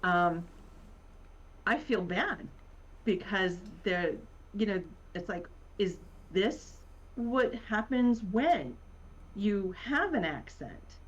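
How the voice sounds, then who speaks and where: A woman's voice: mid-range voice, expressive. Casting note: woman, Virginia accent, easygoing guest on a video call, muffled lo-fi sound, lots of ums. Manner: rambling, many pauses and fillers, laughs often. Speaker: podcast guest. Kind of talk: casual conversation. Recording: muffled lo-fi audio.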